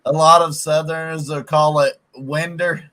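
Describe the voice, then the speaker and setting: A man's voice: a little high, flat delivery, a little fast, pushed and bright, smooth. A man chatting casually on a podcast with a light chuckle. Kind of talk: casual chat.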